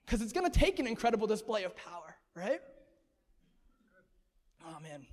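A man preaching a sermon in an energetic, conversational way, laughing often. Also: sits high, long reverb tail.

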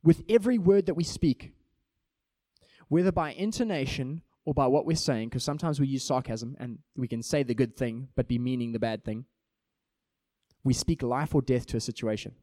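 Animated preacher man with a mellow voice. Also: mid-range voice, moderate pace, no echo, clean studio sound. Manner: animated, acts out little everyday scenes. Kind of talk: sermon.

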